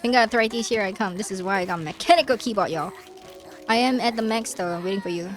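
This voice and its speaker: A woman's voice: mid-range voice, fast talker, soft background music. A woman streaming a co-op game, dramatic and joking as she talks to her chat. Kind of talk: casual gaming chat.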